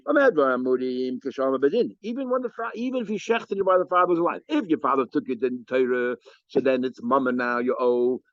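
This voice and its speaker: Rabbi guy giving a talmud class, talks quick, dry muffled sound. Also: mid-range voice, no echo. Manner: lively, animated, explains and asks questions. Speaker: rabbi teaching daf yomi.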